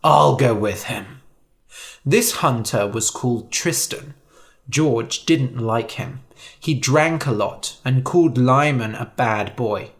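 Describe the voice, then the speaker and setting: A storyteller reading a fable slowly and clearly for English learners. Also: mid-range voice. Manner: slow, clear, expressive reading.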